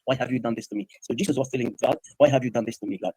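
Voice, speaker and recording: A man talks quickly in a husky voice, firing repeated pointed questions at his opponent. The sound is dry and close, with no room around it. He builds his case one point at a time and insists on answers. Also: mid-range voice, dark tone, dry recording, rough recording. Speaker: debater. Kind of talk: debate questioning from a played clip.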